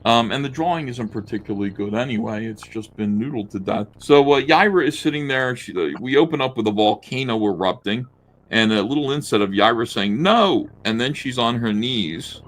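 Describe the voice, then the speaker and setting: A man's voice: medium pitch, brisk. A man co-hosting a podcast, talking casually and mockingly as he pages through a comic and sketches at his desk, laughing often and swearing. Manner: drawing at the desk while talking. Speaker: podcast co-host. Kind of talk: casual commentary while paging through a comic.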